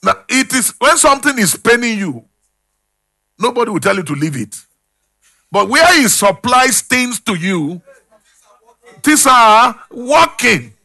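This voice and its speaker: A man preaching a sermon, calling out questions to the congregation and swinging between loud and hushed. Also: very high voice, sing-song, measured pace, pauses often. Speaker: pastor.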